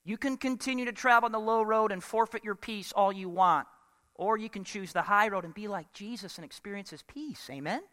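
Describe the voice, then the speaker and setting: A male pastor delivers an emphatic sermon, firing rhetorical questions at his congregation. His voice sits high and rings bright. It carries with a long reverb from a church sanctuary. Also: fairly quick.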